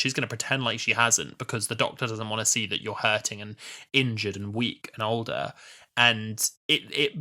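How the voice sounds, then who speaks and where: Young man, twenties, podcast co-host, bright clear tone, casual animated chat. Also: mid-range voice. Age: 20s. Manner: animated retelling of scenes.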